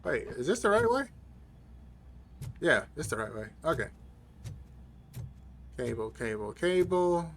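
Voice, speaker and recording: A man's voice: on the high side, sing-song, unhurried, long pauses, a bit bright, a little hiss or hum. A man hosting a video game walkthrough, chatting casually in a laid-back, rambling way with lots of fillers. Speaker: gaming channel host. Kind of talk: casual gameplay commentary.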